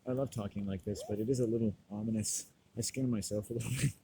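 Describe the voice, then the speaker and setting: A stoned man delivering a rambling, profane monologue, loud and laughing often. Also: on the low side, fairly even intonation, fast talker, slight background noise, poor audio. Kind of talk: profane ranting monologue to camera.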